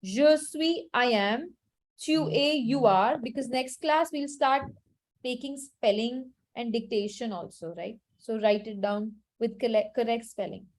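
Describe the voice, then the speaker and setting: A woman's voice: on the high side, measured pace. A woman teaching a French lesson to children, patiently repeating each phrase with its translation and checking understanding.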